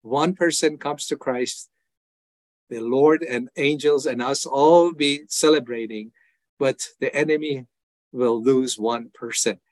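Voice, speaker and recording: Speaking slowly in a medium-pitched voice, with no room sound, an older man from Iran recounts his personal testimony as an interview guest. The ministry founder is earnest and emphatic, reenacting his prayers and replies in a raised voice.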